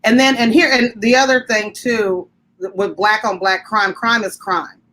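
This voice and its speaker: Woman guest, mid-range voice, articulate, reasoned, measured, video call. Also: mid-range voice, fairly even intonation, fairly bright tone. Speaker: guest activist. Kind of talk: discussion.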